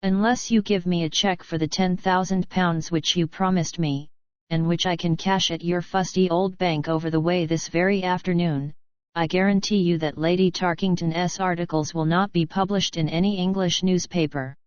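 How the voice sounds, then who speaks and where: A woman reading an audiobook, voicing a cool Englishman who speaks quietly, curtly and sardonically. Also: fairly low pitch, steady tone, moderate pace, smooth, dry recording, close to an everyday voice. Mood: sardonic. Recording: dry, dull lo-fi recording.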